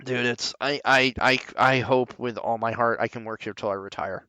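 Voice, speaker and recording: A man's voice: medium pitch, moderate pace, poor audio. A man hosting a casual podcast chat, swearing freely and acting out the people in his stories. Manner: profane, animated storyteller who acts out quoted people. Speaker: podcast host.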